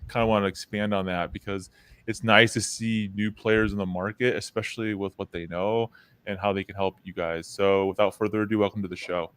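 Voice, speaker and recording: Male podcast host, upbeat and joking, chatty interviewer, slightly low voice. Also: fairly even intonation, brisk, a bit bright, smooth. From United States. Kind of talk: casual interview chat.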